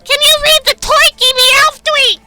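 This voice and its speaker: Female streamer, casual and profane, pitched very high, talking over clear game music. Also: steady tone, a little slow, pushed and bright. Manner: blunt, profane, rambling.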